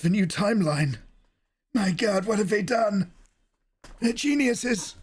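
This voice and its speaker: Animated, jokey male art streamer. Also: high-pitched, unhurried, long pauses, slightly rough. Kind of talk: casual chat while drawing live.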